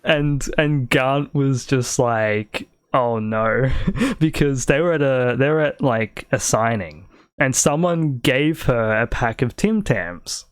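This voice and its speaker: A man's voice: medium pitch, expressive, takes it slowly, clear, resonant tone, dry recording, studio quality. A man with an Australian accent hosting a casual podcast, telling rambling stories and laughing often. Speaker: podcast host.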